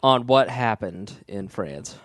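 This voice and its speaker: A man's voice: fairly low pitch, expressive, takes it slowly, no echo, studio quality. A man hosting a podcast, hesitant and self-correcting as he steers the talk. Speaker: podcast host. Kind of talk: casual political chat.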